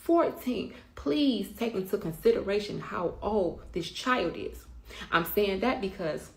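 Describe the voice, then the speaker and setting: Middle-aged woman, blunt and emphatic, gravelly edges, storytime rant, roomy echo. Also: on the low side. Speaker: mother telling her side.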